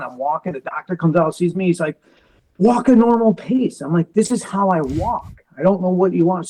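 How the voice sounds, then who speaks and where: A man with a fairly high speaking voice tells his story as an interview guest. He acts out other people's lines as he goes, and his delivery is defiant and determined. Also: a little mellow, rough recording. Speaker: interview guest, military veteran.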